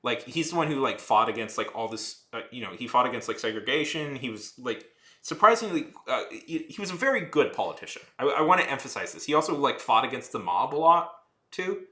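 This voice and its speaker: Streamer man, 30s, rambling and ranty, sharp bright tone, echoey room. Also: medium pitch, sing-song, fairly quick. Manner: rambling, heavy use of "like", restarts and trails off; heated, ranting. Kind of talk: casual rambling chat while drawing.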